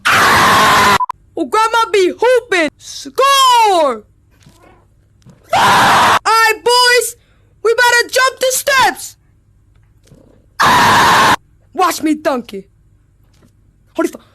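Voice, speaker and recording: Brash female VR streamer, shrill and shouty, unhurried delivery, curses and meows, noise under the voice. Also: sing-song. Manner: brash, profane, yelling often, meowing. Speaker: VR gamer. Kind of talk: let's-play commentary. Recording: audible background noise.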